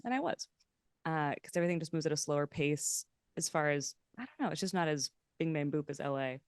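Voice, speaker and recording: Young female improviser, podcast guest. Smooth, clear tone, self-deprecating, lively impressions in stories. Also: low-pitched, fast talker, dry recording, clean studio sound. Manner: chatty, self-mocking, animated quotes. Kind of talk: casual chat.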